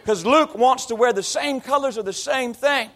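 High-voiced pastor telling lively stories. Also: male voice, moderate pace. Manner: storytelling, slipping into imitated voices and accents. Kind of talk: sermon.

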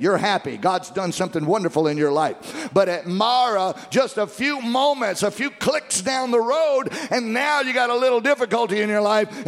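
High gravelly-voiced preacher man. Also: in a large hall. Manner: exhorting call-and-response with the congregation; rising to fervent shouting. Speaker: pastor. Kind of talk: sermon. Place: church service.

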